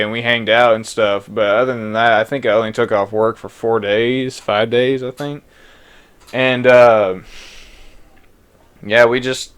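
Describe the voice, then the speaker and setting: Smooth-voiced young man narrating gameplay. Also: medium pitch, fairly bright tone. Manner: rambling, reads game text aloud; loose, with frequent restarts and fillers. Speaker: let's play gamer. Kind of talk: casual gameplay commentary.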